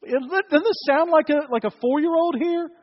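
A man's voice: extremely high pitch, normal speed. Guy preaching a sermon, acts out the story, kinda muffled sound in a big echoey church. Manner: animated storytelling, acts out characters. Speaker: pastor.

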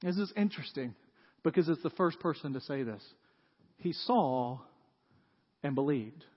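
High-voiced male pastor preaching. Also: lively intonation, moderate pace, slightly rough. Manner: conversational, asks the audience rhetorical questions. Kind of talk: sermon. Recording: dull sound with long hall reverb.

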